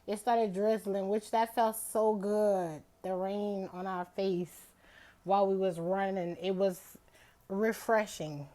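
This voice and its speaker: Woman vlogger, unhurried and chatty, rambling casual delivery. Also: mid-range voice, fairly even intonation, mellow. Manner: chatty, rambling, drawls out words. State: out of breath after a bike ride. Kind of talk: casual day-in-my-life vlog.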